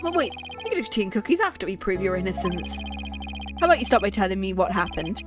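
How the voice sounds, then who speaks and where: A woman's voice: mid-range voice, sing-song, fast, music in the background, close to an everyday voice. Earnest young lawyer guy, as a woman reads him. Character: young male defense lawyer, earnest and jumpy.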